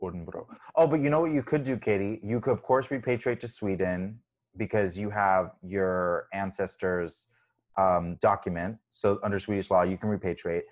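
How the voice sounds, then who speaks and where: A man's voice: on the low side, fairly even intonation, moderate pace. A man co-hosting a podcast in casual chat, jokey and rambling with many fillers. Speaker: podcast co-host.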